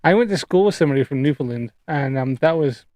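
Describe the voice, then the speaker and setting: A man's voice: fairly high pitch, expressive, quick pace, a little mellow, dry recording. A man from the Canadian prairies hosting a livestream, ranting and chatting casually in a profane, exasperated, rambling way. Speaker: streamer debunking flat earth claims. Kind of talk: casual livestream rant and chat.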